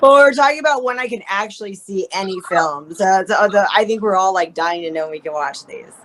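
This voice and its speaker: A woman host keeps the conversation going with curious, eager questions. She speaks at a middle pitch in a relaxed, chatty way. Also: a little fast, slight background noise. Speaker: talk show host. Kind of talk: casual interview chat.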